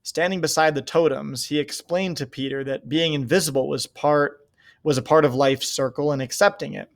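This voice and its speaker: A man reading a novel aloud in a steady, measured way. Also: on the high side, vocal fry. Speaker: reader.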